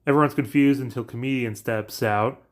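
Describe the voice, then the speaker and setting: A man casually narrating a plot recap in a brisk, offhand way. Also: medium pitch, fairly even intonation. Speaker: narrator pitching story ideas.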